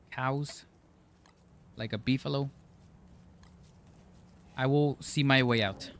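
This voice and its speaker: Medium-pitched and a bit bright, a male streamer commentates on his live gameplay and reads chat. He jokes and laughs often with his viewers, sometimes putting on mock-formal phrasing.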